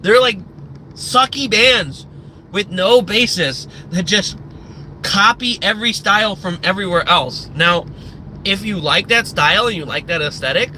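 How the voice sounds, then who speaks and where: A man's voice: high voice, lively intonation, measured pace, pushed and bright, a little hiss or hum, low-quality recording. A man from the Midwest US, a live streamer, ranting casually and profanely and wandering off on tangents. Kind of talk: casual livestream rant.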